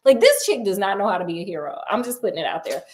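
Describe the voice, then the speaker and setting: A woman's voice: mid-range voice, very animated, very fast. A woman retelling a book in a sassy, chatty, comedic way with laughing asides. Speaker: storyteller.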